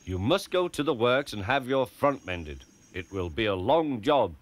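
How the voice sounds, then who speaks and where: A man's voice: mid-range voice, very animated, unhurried. A man voicing a stern, formal railway boss scolding an engine in a children's storybook. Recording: background music.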